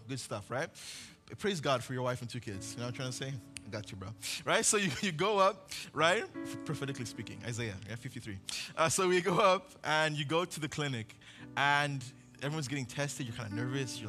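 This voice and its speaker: A man's voice: mid-range voice, pushed and bright. A male pastor preaching a sermon, telling a vivid story and acting out the voices of its characters. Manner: storytelling, acts out voices, builds to impassioned climax.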